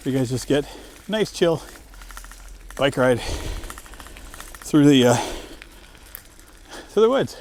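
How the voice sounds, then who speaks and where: A man's voice: on the high side, darkish tone, slight background noise. A man chatting casually to his viewers while riding a bike up a wooded trail, out of breath, rambling and self-deprecating, on a clip-on mic. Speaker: vlogger. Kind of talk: casual chat while cycling. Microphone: wireless lavalier on the rider.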